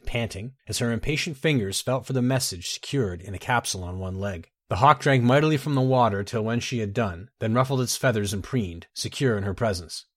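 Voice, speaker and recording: Measured, dramatic male audiobook narrator. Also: lowish voice. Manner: measured, dramatic, with solemn repetitions. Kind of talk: scripted fantasy narration.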